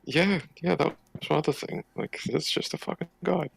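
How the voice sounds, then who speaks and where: A man's voice: on the high side, normal speed, creaky, low-quality recording. A man playing a tabletop role-playing game, blunt and swearing freely. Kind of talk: casual tabletop play over voice chat.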